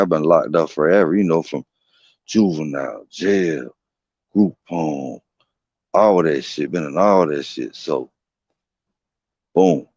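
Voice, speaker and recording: A man with a very deep voice tells a long story in loose, slangy talk full of cursing. He rambles and circles back as he goes. The audio is dry and dull, like a basic home stream setup. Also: unhurried, darkish tone, dry recording. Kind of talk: casual storytelling.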